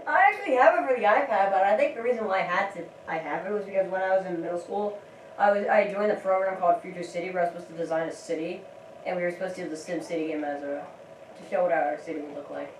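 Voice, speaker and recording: A woman's voice: on the low side, quick pace. A woman giving rambling, giggly commentary while playing a video game. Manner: rambling and giggly, with many restarts. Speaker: gameplay commentator. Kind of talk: casual let's-play commentary. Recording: roomy, distant mic, faint background noise.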